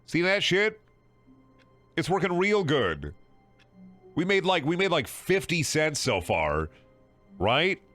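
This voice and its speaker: A man's voice: a little high, wildly swooping pitch, slow pace, long pauses, a bit bright, faint music behind. A man streaming a video game, talking in a sarcastic, rambling, profane way with frequent laughing and repeated words. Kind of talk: casual game livestream commentary.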